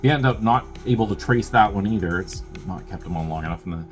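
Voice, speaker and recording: A man's voice: fairly low pitch, fast, faint music behind. Rambling young man recapping a movie. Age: young adult. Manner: rambling and profane, with wry asides and filler words. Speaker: movie review host. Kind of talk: casual spoken film recap.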